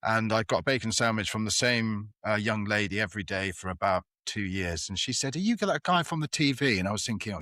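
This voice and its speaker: A man's voice: lowish voice, pushed and bright, no echo. A British man hosting a casual chat, with teasing, dry humor. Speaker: podcast host.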